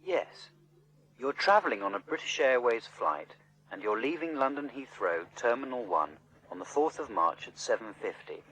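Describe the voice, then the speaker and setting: An actor playing an efficient travel agent reading out flight details, in a scripted textbook dialogue. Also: male voice, medium pitch, animated, normal speed, pushed and bright, rough recording. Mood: businesslike. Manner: clear, businesslike.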